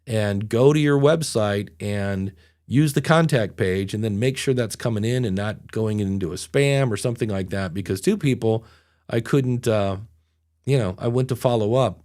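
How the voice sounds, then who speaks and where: Here the podcast host's voice sits on the low side with a darkish tone and normal speed. The middle-aged man rambles through stories casually, often at his own expense.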